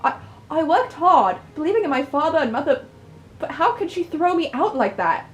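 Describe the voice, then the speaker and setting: Woman voicing a hurt young guy from a story game, pleading, kinda high voice, faint music behind. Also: lively intonation, fairly quick. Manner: pleading, wounded. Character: earnest young man, hurt adopted son.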